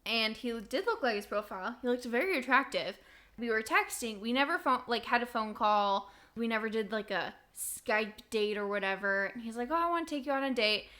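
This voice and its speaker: A young woman co-hosting a podcast, telling a dating story in a chatty, animated way. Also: on the high side, moderate pace. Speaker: podcast co-host. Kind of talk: casual storytelling chat.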